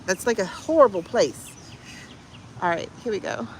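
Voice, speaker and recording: A woman's voice: mid-range voice, expressive, moderate pace, slight background noise. A woman hosting a casual livestream, chatting in a rambling, playful way with lots of asides. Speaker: livestream host.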